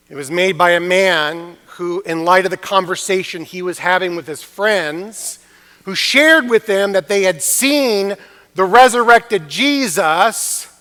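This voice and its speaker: High-voiced man preaching in a reverberant chapel. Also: sharp tone. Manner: earnest storytelling with emphatic pauses. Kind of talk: chapel sermon. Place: university chapel.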